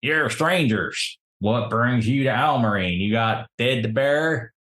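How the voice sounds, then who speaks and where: A man's voice: mid-range voice, expressive, takes it slowly, a bit bright. A man voicing a grizzled, cryptic old backwoods man who talks in a rural drawl. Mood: wary. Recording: roomy echo.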